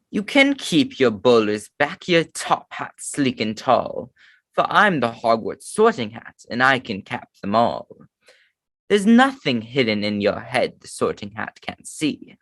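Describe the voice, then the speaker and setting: Boastful old sorting hat, a guy putting it on, sing-song rhyme, swoopy pitch, dry close sound. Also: a bit bright, no room sound. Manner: reads rhyming verse with a put-on British accent.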